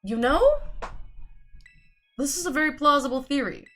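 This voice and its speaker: A woman streaming a video game, giving wry, sarcastic commentary with casual swearing and a low-energy delivery. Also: sing-song, normal speed, a bit bright, faint music behind.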